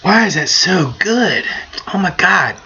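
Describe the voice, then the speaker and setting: A woman's voice: lowish voice, lively intonation, measured pace, gravelly, pushed and bright, slightly rough, lo-fi sound. A woman vlogging casually over a beer, telling crude jokes in a brash, joking manner. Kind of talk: casual beer-drinking vlog with bawdy jokes.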